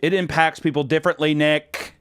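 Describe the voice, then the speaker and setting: A man's voice: on the high side, steady tone, a little fast, a bit bright, clear, resonant tone, no echo, studio quality. A man hosting a podcast, riffing casually with crude, profane jokes and frequent laughter. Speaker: podcast host. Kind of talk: casual comedic chat.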